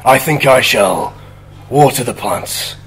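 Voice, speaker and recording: A man's voice: mid-range voice, lively intonation, takes it slowly, fairly bright tone, a little hiss or hum, poor audio. A man voicing a noble lord with a formal, genteel, contented manner. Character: noble stern lord enjoying a quiet suburban morning.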